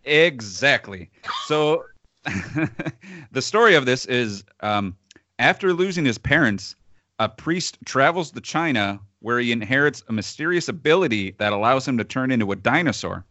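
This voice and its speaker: Bright, dry-voiced man with a sardonic laugh. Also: mid-range voice, expressive, normal speed, no echo. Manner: laughs between phrases, sardonic. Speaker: podcast co-host reviewing films. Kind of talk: casual chat.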